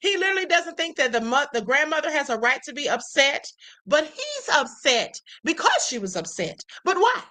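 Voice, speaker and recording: Woman host, high bright voice, sassy, reacts to clips for her viewers. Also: sing-song, moderate pace. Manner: sassy, talks straight to viewers, repeats rhetorical questions. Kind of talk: reaction commentary livestream.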